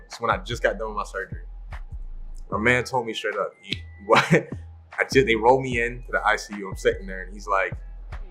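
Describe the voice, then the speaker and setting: A man as a podcast guest telling a story in a casual way, acting out what others said and laughing often. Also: lowish voice. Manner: animated, acts out the voices of people in his story.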